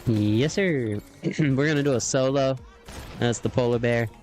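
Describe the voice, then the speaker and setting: A man streaming a video game, rambling and joking in casual live chat, chuckling and clearing his throat often. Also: mid-range voice, a little slow, a little mellow, soft background music.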